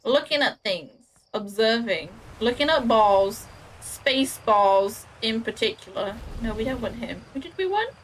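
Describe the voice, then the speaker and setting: A young woman streams a game, chatting casually with herself and her viewers and joking about her own clumsy play. Her voice is fairly high and lively in intonation, delivered at a measured pace with a slight hiss or hum in the background.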